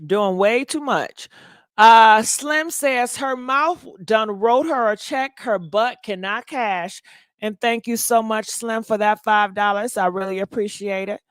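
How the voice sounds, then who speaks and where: Livestream gossip host, woman, higher voice, dry close sound, chatty and reads comments aloud. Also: a little slow, smooth, no room sound. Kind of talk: casual livestream chat.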